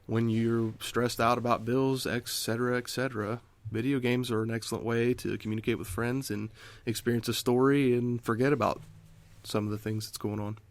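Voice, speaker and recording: A man's voice: medium pitch, little pitch movement, normal speed. A young man co-hosting a gaming podcast, earnest and self-deprecating, working himself up into a rant. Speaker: podcast co-host. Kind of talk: casual podcast chat.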